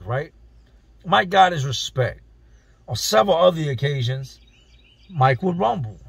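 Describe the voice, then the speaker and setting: Gravelly, husky man telling street stories. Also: on the high side, a bit bright, no room sound. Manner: streetwise slang, acts out quoted dialogue. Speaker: vlogger telling prison stories. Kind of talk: casual storytelling.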